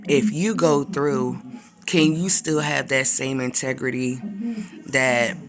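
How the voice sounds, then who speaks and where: A man's voice: medium pitch, steady tone, slow pace, over music. A man giving a casual, slangy talk of encouragement, full of conversational asides. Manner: slangy, conversational, repetitive fillers. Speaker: preacher.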